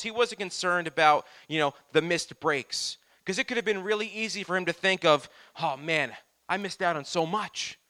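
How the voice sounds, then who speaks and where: A male pastor delivering a sermon in a church, his voice a little higher than most men's and bright and forceful. He builds points through repetition and asks the room for an "Amen?" between them. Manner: preaching with call-and-response "Amen?" and repetition.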